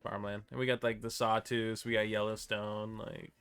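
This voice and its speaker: Young man, smooth clear voice, relaxed casual chat, faint music behind. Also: lowish voice, moderate pace. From Idaho, United States. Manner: laid-back, brief reactions, profane. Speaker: podcast co-host.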